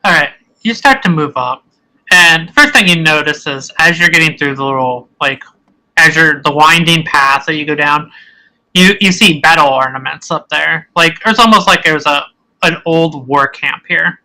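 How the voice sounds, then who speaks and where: A man's voice: on the high side, normal speed, sharp tone, poor audio. A man narrating a tabletop game as game master, rambling and searching for words as he describes scenes.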